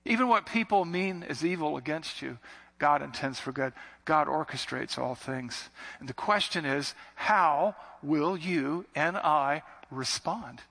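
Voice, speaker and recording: A man's voice: fairly high pitch, pushed and bright, big-room sound. A man preaching a sermon as a pastor, building to emphatic repetitions.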